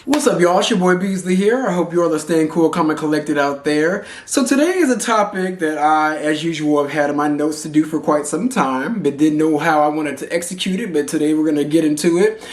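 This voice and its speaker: A man's voice: a little high, a little fast, few pauses, faint music behind. A man from Texas giving blunt, profane commentary to camera as a vlogger. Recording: roomy echo.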